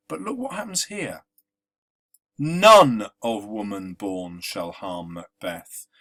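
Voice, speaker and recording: A man's voice: mid-range voice, fairly bright tone. A man teaching a literature lesson, conversational and explanatory, with frequent ums and uhs. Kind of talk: exam-revision lesson.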